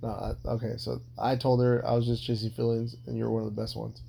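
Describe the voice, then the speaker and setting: A man's voice: medium pitch, level tone, fast, creaky, warm tone, husky. A man telling personal stories in a casual podcast chat, rambling, blunt and full of swearing. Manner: rambling, heavily profane, blunt. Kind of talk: casual confessional storytelling.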